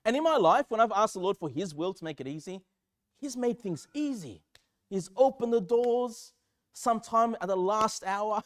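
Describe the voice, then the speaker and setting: High-voiced pastor preaching. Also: male voice, lively intonation, moderate pace. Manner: earnest, self-deprecating, acts out prayers aloud. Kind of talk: sermon.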